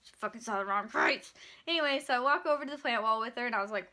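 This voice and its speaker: Young woman vlogger, high and bright, chatty, animated, casual swearing. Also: racing. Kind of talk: casual storytelling.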